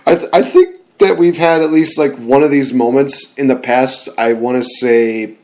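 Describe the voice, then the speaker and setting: A young man talks in a casual wrestling chat, rambling and getting carried away with excitement. He laughs often and stumbles over his words as he rants. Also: mid-range voice, moderate pace. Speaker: podcast co-host.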